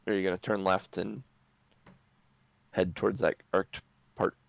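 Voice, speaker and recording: A man's voice: deep voice, little pitch movement, moderate pace, gravelly, no room sound, low-quality recording. A man narrating as game master in a tabletop game, describing scenes and chuckling often.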